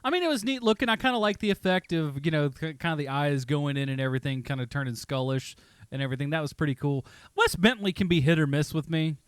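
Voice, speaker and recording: A man's voice: a little high, clean tone, no echo, studio quality. A man co-hosting a podcast, chatting casually about movies and joking around with his co-host. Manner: jokey, quick to act out movie lines in silly voices. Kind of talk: casual movie review chat.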